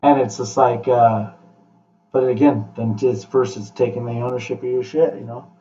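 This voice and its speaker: A man hosting a podcast, talking casually in a blunt, profane, animated pep-talk way. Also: medium pitch, normal speed. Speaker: podcast host. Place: room with guests. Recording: echoey, distant, muffled room mic.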